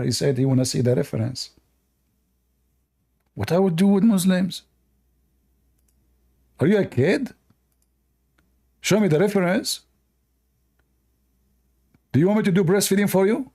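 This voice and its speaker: A man hosting a live-stream debate, talking in a mocking, animated way with loose, non-native English phrasing. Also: sits high, a little slow, vocal fry, pauses often, breathy edge.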